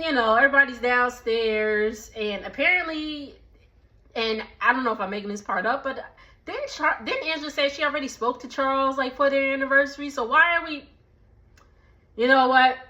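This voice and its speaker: A woman giving a casual, gossipy recap of a reality TV episode, chatty and quick to laugh. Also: sits high, bright, forceful tone. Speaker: TV recap vlogger. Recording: dull lo-fi sound.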